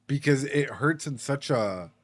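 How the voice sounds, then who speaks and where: A man's voice: mid-range voice, expressive, unhurried. A man hosting a reaction stream, talking in a casual, emphatic way, repeating his words and swearing as he reacts. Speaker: reaction show host.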